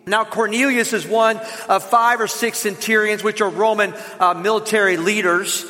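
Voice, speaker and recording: A man with a Southern American accent preaching a lively, joking sermon to his congregation in a church. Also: high-pitched, moderate pace, few pauses, big-room sound. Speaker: pastor. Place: church sanctuary.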